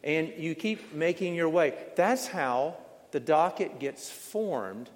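A male preacher telling a sermon story in a slow, dramatic manner, leaning on repetition. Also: on the high side, lively intonation. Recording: long reverb in a large hall.

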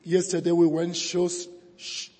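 A hoarse man preaching as a guest pastor, earnest and thankful, building to emphatic peaks. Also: sits high, monotone, measured pace, darkish tone. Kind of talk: sermon. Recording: reverberant church hall.

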